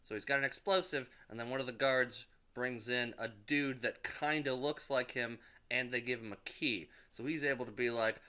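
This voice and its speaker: A man's voice: medium pitch, moderate pace, hardly any pauses, bright, forceful tone. A man casually recapping a movie in rambling, profane talk with frequent restarts. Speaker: movie reviewer.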